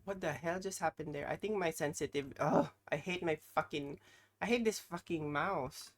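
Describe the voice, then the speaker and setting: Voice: mid-range voice, moderate pace. A live streamer chatting casually with their audience in a rambling, apologetic way while reacting to videos.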